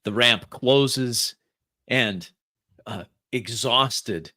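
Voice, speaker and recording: A man narrating a tabletop game as game master, describing scenes slowly and deliberately. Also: medium pitch, bright, forceful tone, dry recording, clean studio sound.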